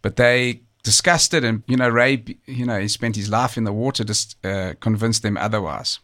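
A man narrating a documentary story in a measured, conversational way, with occasional fillers and restarts. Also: lowish voice, fairly bright tone. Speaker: storyteller recounting a true survival tale. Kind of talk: documentary narration, partly off the cuff.

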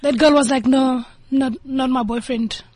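A woman, a guest on a talk show, chatting in a relaxed, thoughtful way. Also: high-pitched, normal speed. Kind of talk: casual chat.

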